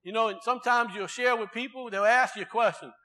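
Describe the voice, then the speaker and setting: A man's voice: very high voice, fast talker, bright, forceful tone. A man preaching a sermon in a conversational way, asking the congregation rhetorical questions.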